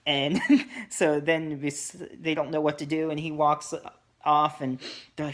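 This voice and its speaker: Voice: mid-range voice, little pitch movement, moderate pace. A reviewer casually recapping a horror movie, dismissive and sarcastic, with many ums and uhs.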